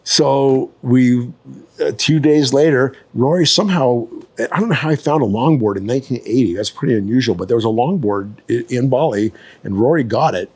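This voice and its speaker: A man in his sixties, a surf photographer, telling a long story casually, full of fillers, restarts and quick asides. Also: medium pitch. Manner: rambling, lots of fillers and restarts.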